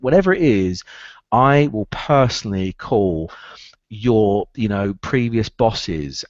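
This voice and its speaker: A man's voice: on the low side, no echo, lo-fi sound. A man giving a training talk on running a recruitment business, emphatic and repeating key phrases to drive them home.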